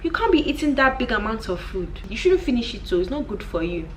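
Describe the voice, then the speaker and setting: A woman's voice: a little high, sing-song, brisk, a little hiss or hum, voice pushed up. A woman voicing a judgmental, nosy middle-aged woman with a Nigerian accent who scolds a stranger over her meal. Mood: disapproving. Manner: scolding, disapproving.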